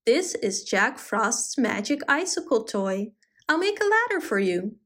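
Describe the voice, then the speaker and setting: Uncle Wiggily, a woman doing a cheerful old bunny gentleman. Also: fairly high pitch, sing-song, measured pace, heavily acted. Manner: cheerful, laughing.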